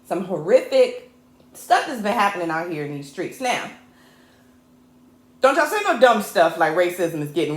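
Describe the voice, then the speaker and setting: Woman host, low-ish voice, fired up and joking, live show from an echoey home set. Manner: impassioned and fired up, mixing jokes with anger; chatty, addresses viewers as y'all. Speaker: host and technical producer. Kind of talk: livestreamed talk show monologue. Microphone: camera mic.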